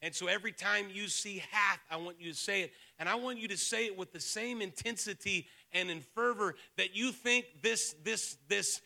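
A male pastor delivers a sermon to his congregation in a very high, piercingly bright voice. A gravelly fry runs under his words as he swings from hushed teaching to shouted, fervent preaching, urging the room to speak out loud. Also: moderate pace, few pauses. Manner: builds from soft-spoken to shouted, fervent preaching; calls on the congregation to respond aloud. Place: church sanctuary with a live congregation.

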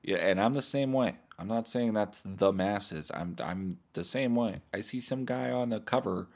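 A man hosting a podcast, rambling through a crude, profane comedic monologue in a deadpan, mock-serious way. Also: lowish voice, normal speed, creaky, few pauses. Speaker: podcast host.

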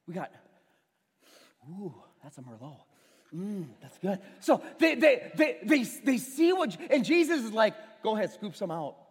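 Animated male pastor in echoing hall. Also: sits high. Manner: animated storytelling, acts out characters and uses a prop. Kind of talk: sermon. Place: church sanctuary with audience. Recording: church hall with long reverb.

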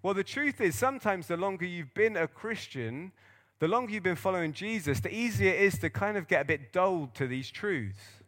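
A man with a fairly high voice preaches a sermon as a pastor. He speaks in an earnest, animated way and lets his tone rise and fall as he tells a story. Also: brisk.

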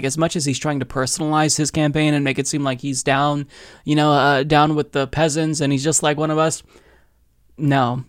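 A man's voice: on the high side, dry recording, clean studio sound. A man from Oregon hosting a political podcast, sarcastic and profane, often breaking into laughter. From Oregon, USA. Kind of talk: casual political commentary.

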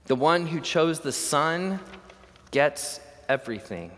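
A man's voice: fairly high pitch, animated, slow pace, fairly bright tone, voice pushed up. A man voicing a persistent male auctioneer calling out bids, in a reverberant hall recording. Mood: apologetic, explaining.

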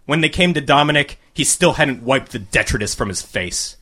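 A man reading a crude comic short story aloud to a live audience, with a deadpan delivery. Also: mid-range voice, normal speed, breathy edge.

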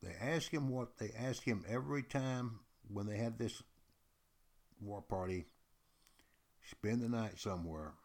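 A man telling a history story aloud in a lively, folksy way, speaking straight to the listener. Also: lowish voice, unhurried, creaky, pauses often. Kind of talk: oral storytelling.

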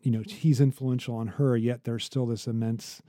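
Guy cohosting a podcast, very dark mellow voice, stumbles and restarts a lot, dry close mic. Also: medium pitch, no room sound. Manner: halting, many restarts, animated storytelling. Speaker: podcast co-host. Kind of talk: conversational academic podcast.

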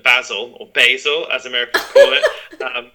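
A man's voice: fairly low pitch, steady tone, moderate pace, sharp tone, a little hiss or hum, low-quality recording. A man, raised in Zimbabwe, speaking as a friendly, chatty podcast guest with frequent fillers. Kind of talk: casual interview.

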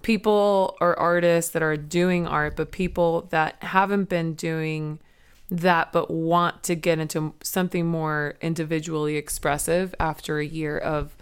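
A woman's voice: deep voice, steady tone, a little slow, clean tone. A woman co-hosting a casual podcast about art, laughing easily and chiming in readily. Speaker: podcast co-host. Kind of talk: casual chat.

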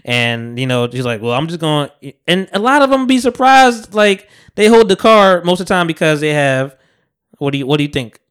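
A man hosting a podcast, chatting casually and telling animated stories with acted-out quotes. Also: a little high, moderate pace, smooth. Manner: animated storyteller, acts out quotes. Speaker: podcast host. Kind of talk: casual chat.

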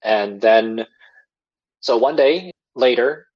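A man's voice: mid-range voice, takes it slowly, lo-fi sound. A man telling a personal story as a podcast guest, rambling casually with lots of fillers and chuckles. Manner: rambling, filler-heavy, chuckles while talking.

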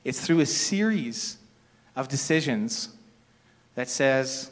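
Slow-paced with long pauses, a middle-aged man at an ordinary male pitch preaches a sermon as relaxed storytelling, restarting phrases casually like everyday speech. Long reverb follows his words, as in a large church sanctuary.

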